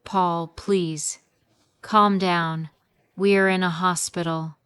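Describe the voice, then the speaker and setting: A woman playing a disappointed mother reproaching her daughter's husband, in a slow scripted learner's story. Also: lowish voice, fairly even intonation, a bit bright, clear, resonant tone, dry recording. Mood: reproachful. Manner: reproachful, pleading.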